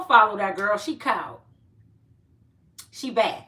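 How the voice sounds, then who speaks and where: A woman's voice: on the high side, lively intonation, takes it slowly, pushed and bright, far from the mic. Chatty woman on a phone livestream. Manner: chatty, greets viewers by name, uplifting. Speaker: livestream host. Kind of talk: casual live-stream chat.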